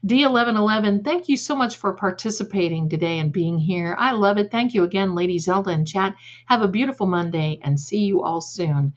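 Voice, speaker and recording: A woman's voice: medium pitch, a little fast, hardly any pauses. Chatty woman psychic hosting a live stream. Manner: affectionate, calls viewers "my darling"; chatty, repeats words and restarts. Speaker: psychic livestream host. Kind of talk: live-stream chat reading comments. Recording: slightly dull lo-fi stream audio.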